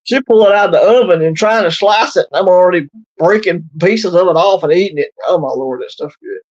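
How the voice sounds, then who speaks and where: High-voiced Southern man, rambling chat. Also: brisk, darkish tone. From Louisiana. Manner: rambling, drawling, heavy on fillers. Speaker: livestream co-host. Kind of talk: casual chat. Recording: lo-fi livestream audio.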